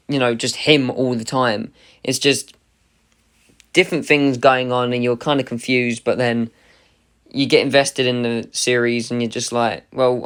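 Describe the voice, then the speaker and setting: A man with a smooth, clear voice at a middle pitch, talking through a casual spoken review. He sounds chatty and enthusiastic as he ranks the works he covers. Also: fairly bright tone. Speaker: anime reviewer.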